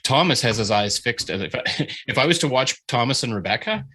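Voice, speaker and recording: A man leading a writing workshop over a video call, giving an animated, informal critique, swearing freely and often restarting his sentences. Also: mid-range voice, a little fast.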